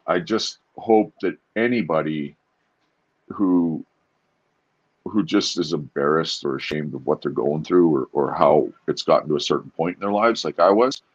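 A man talking candidly as a guest in an interview, earnest and halting, often restarting his sentences. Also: sits low, lo-fi sound. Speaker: podcast guest.

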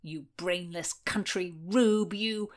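A woman's voice: lowish voice, slow. A woman voicing a touchy young male nobleman who sputters indignant insults in an audiobook. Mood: furious. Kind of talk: audiobook character voice.

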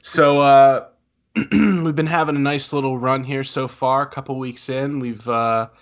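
A man's voice: medium pitch, steady tone, a little slow, dull audio. A man hosting a podcast in casual chat, easygoing and friendly, with teasing banter. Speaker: podcast host.

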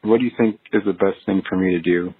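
A caller from Texas leaving an earnest voicemail asking for relationship advice, heard over a phone line. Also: male voice, low voice, quick pace, husky, dry recording. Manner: earnest, steady telling of a personal story.

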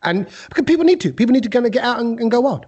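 A man hosting a casual podcast chat, telling animated stories and putting on voices. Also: very high-pitched, racing, breathy edge, muffled recording. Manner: animated storyteller, puts on voices in anecdotes. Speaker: podcast host.

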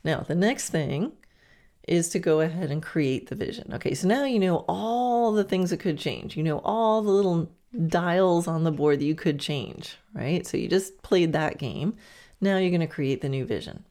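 A woman's voice: fairly low pitch, lively intonation, normal speed, warm tone. A woman hosting a podcast, giving chatty, encouraging coaching advice with playful asides. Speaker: podcast host. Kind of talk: coaching monologue.

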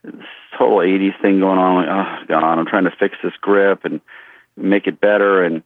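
A middle-aged man, a shooting instructor, telling rambling, lively stories in an interview, acting out what people said. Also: low-pitched, normal speed, no echo. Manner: animated, rambling storyteller who acts out quotes. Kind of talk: casual storytelling in an interview. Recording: tinny phone-like line.

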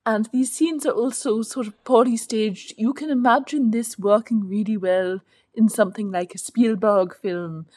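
A woman's voice: a little high, fairly even intonation, normal speed, mellow, no room sound. A woman co-hosting a casual film review chat, giving fluent, sardonic critique in long sentences. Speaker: podcast co-host.

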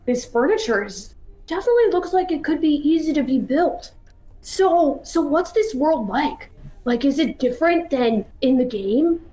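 A woman's voice: high-pitched, expressive, normal speed, warm tone, pitched above the performer's own voice, low-quality recording. A woman playing a bewildered, eager young male hero in a comedy sketch, asking confused questions.

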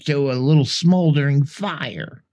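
A man's voice: fairly high pitch, a little slow, darkish tone. A man co-hosting a podcast, dryly recapping the plot of a bad old movie. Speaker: podcast co-host.

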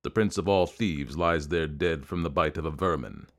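A man's voice: rumbling low, moderate pace. Man doing a blunt barbarian thief. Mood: grim. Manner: blunt, muttering.

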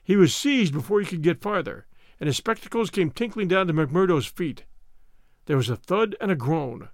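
A man narrating a story aloud as host, measured and steady in his delivery. His pitch moves lively and sits a bit higher than most men, recorded close and dry. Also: dry recording. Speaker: host and reader. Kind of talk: audiobook narration.

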